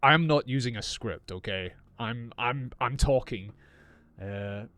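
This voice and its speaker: A man teaching English in an unscripted podcast, explaining slowly and clearly as he improvises. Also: medium pitch, fairly bright tone, no echo.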